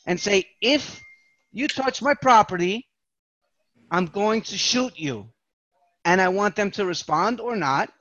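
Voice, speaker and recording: New york guy ranting on a podcast, kinda high voice, dull dry sound. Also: a bit bright, dry recording. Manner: profane, rambling storyteller. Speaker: podcast host. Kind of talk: casual chat.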